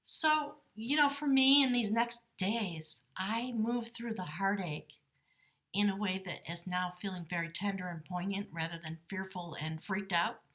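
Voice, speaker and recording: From her home, a woman hosts a tarot live stream, musing casually in an earnest, spiritual way and sometimes dropping into a hushed aside. Her voice is mid-range and unhurried, picked up by the device's camera mic.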